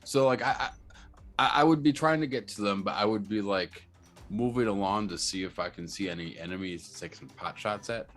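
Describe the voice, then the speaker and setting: A man's voice: on the low side, a little fast, fairly bright tone, faint music behind. A man playing a tabletop game in casual chat, hesitant and repeating his words. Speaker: player.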